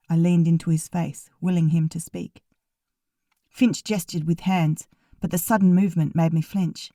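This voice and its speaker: A woman narrating a first-person audiobook in an even, wry storytelling manner. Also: on the low side, normal speed, no echo, clean studio sound.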